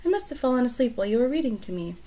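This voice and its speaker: A woman reading the part of a polite, sleepy young girl in a storybook, answering in quick, breathless replies. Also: on the high side, big pitch swings, dark tone, pitched above the performer's own voice. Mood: drowsy.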